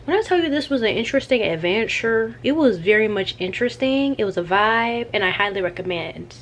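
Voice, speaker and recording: A young woman telling an animated, chatty travel story in a casual vlog. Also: fairly high pitch, a little fast, a little hiss or hum. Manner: animated and chatty, with slangy asides. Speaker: vlogger.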